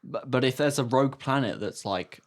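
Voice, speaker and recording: Male co-host, mid-pitched, thoughtful and explanatory. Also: moderate pace. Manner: thoughtful, explains ideas step by step. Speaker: podcast co-host. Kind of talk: casual chat.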